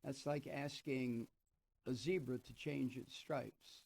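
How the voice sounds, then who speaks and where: Gravelly, profane political radio host. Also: male voice, mid-range voice, steady tone, slow pace, darkish tone. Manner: sardonic, profane ranting. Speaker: radio talk show host. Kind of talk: political commentary, reading and remarking on an article.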